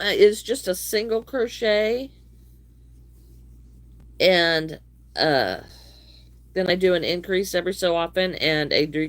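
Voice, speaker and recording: A middle-aged woman, chatting casually with viewers while she crochets, a little wheezy from allergies. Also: on the low side. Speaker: crochet livestream host. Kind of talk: casual livestream chat.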